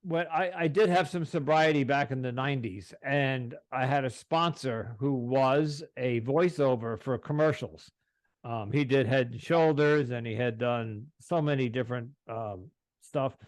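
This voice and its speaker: A man with a Long Island accent hosting a podcast interview, talking haltingly with fillers and throat clearing. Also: medium pitch, no echo. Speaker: podcast host.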